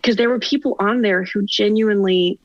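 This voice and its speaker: A young woman in her twenties chats easily as a podcast guest, laughing often and poking fun at herself. Her voice sits at a middle pitch for a woman. The recording is dry and somewhat muffled. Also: a little fast, no echo. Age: 20s. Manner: chatty, laughs often, self-deprecating asides. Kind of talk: casual chat.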